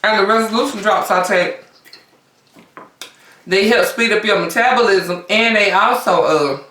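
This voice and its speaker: A woman vlogger chatting casually to camera between bites, often pausing on long hums. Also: mid-range voice, fairly bright tone. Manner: chatty, talks between bites with drawn-out mms. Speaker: mukbang vlogger. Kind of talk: casual eating chat to camera. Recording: roomy sound from a distance.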